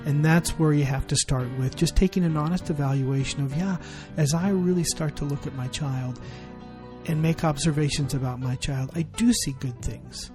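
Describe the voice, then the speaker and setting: A man's voice: on the high side, normal speed, over music. A man co-hosting a parenting podcast, talking in an earnest, reflective way. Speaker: podcast co-host. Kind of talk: casual chat.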